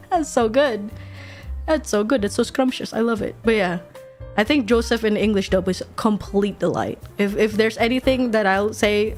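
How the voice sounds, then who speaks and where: A woman streamer chatting casually while she draws, animated, swearing freely and laughing often. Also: mid-range voice. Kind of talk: casual chat while drawing.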